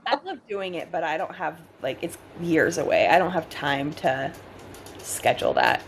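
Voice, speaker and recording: A woman host from Idaho in casual video-call chat, retelling stories with laughter and animated quotes. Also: deep voice, normal speed, gravelly, a little hiss or hum. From Idaho, USA.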